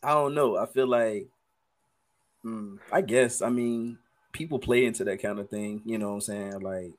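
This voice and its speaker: Male co-host, hesitant and hedging, lower voice, casual chat. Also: normal speed. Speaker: podcast co-host.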